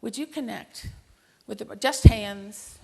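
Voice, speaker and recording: A woman giving a closing speech at a conference, telling a family story with wry humor and acting out the dialogue, then speaking in a hushed, earnest way. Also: medium pitch, takes it slowly, vocal fry, background noise. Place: large conference hall stage.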